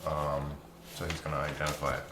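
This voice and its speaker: A man playing a tabletop game, chatty and quick to laugh. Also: rumbling low, flat delivery. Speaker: player. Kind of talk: casual tabletop game chat. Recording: echoey room with clear background noise.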